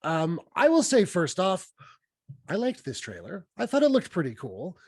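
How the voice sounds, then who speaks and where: Chatty higher-voiced male podcast host. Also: normal speed, breathy edge, no room sound, studio quality. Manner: chatty, animated, laughs at his own stories. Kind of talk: casual podcast chat.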